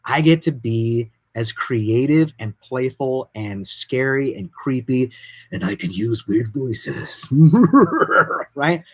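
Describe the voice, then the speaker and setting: Male production director, informal and animated, average pitch, telling studio stories. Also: slow, breathy edge. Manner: informal, animated, loose and rambling. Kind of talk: casual explanatory talk.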